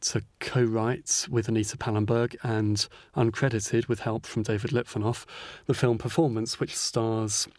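A man's voice: fairly low pitch, level tone, normal speed, few pauses, darkish tone, no room sound. A man, an author interviewed as a guest, talking thoughtfully with many hesitations. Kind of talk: podcast interview.

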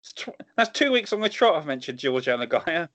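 A man's voice: a little high, sing-song, fairly quick, fairly bright tone, no room sound. A man, co-hosting a podcast with playful riffing and the odd swear. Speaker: podcast co-host. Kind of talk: casual chat.

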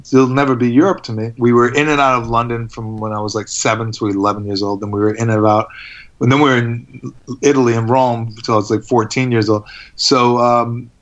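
A man telling stories in a casual interview, laughing often and animated. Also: medium pitch, dull audio. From United States. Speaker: interview guest.

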